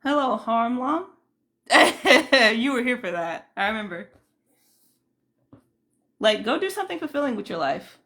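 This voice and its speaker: A woman's voice: fairly high pitch, big pitch swings, moderate pace, long pauses, a bit bright. A woman hosting a casual livestream, chatting loosely and greeting viewers by name. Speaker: livestream host.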